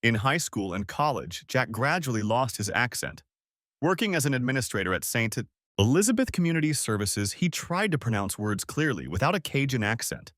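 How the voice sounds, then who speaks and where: A man narrating an audiobook story in an expressive way. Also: medium pitch, a little fast, no room sound, clean studio sound.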